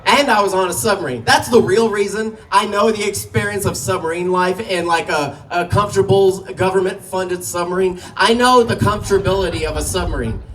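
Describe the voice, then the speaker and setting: High-voiced male comic, distant mic. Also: brisk, hardly any pauses, fairly bright tone, slight background noise. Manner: loose storytelling, profane, laughing at own jokes. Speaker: stand-up comic. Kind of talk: stand-up comedy set. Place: small comedy venue.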